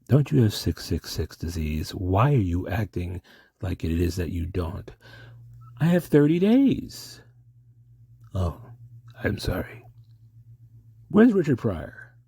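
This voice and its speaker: A man rambles through an absurd comedy sketch, halting and mock-formal. His voice is low, gravelly and husky, and his pitch swings widely. The sound is dry and close. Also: warm tone, dry recording.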